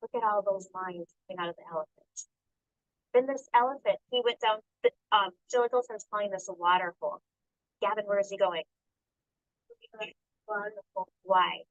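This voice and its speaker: A woman teacher reading a picture book aloud to young children in a classroom, asking them questions by name and slowing down to sound out the words. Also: medium pitch, dry recording, muffled recording. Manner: coaxing, calls on children by name and asks questions.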